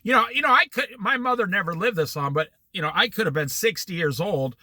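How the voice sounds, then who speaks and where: A man leading a Bible study, telling a family story in an animated, laughing way. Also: high-pitched, fairly quick, dry recording. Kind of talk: anecdotal Bible study talk.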